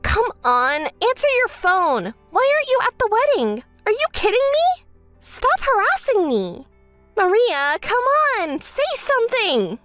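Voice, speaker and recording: A woman's voice: very animated, slow pace, few pauses, a bit bright, dry recording, soft background music, heavily acted. A woman voicing a spoiled, self-centered young bride who bosses her sister around, in a texting-story voice-over. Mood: frantic. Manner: whiny, bossy, shrill when angry.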